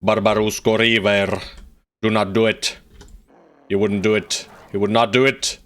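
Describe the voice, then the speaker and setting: A man with a lowish voice gives relaxed, playful commentary over a live strategy game. He talks at an easygoing pace and jokes with his viewers. He barks orders at his units and swears casually along the way. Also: a little slow. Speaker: streamer playing a strategy game.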